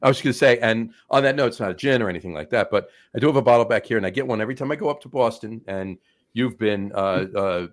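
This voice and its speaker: Low-voiced man rambling casually. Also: quick pace. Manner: rambling, many fillers and restarts. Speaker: co-host. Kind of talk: casual podcast chat.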